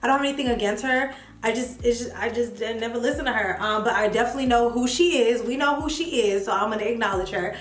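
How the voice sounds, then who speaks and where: A young woman chatting casually to camera as she reviews perfumes, animated and playful. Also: fairly high pitch, fast. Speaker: beauty vlogger. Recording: echoey room with faint music.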